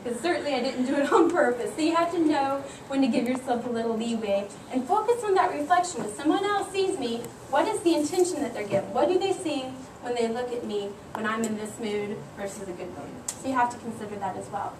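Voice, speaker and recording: A woman, leading a motivational workshop for a class and telling stories in a lively, animated way. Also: a little high, quick pace, hardly any pauses, noisy background. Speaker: workplace trainer. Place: meeting room with a live class. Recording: echoey room, mic far off.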